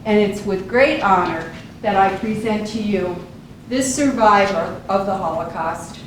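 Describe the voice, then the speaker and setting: A woman's voice: mid-range voice, a little slow. A woman gives a formal, earnest introduction of a guest speaker. Her voice sits far from the mic in a large hall, so it comes through very echoey. A faint hiss lies underneath. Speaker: event presenter introducing the speaker.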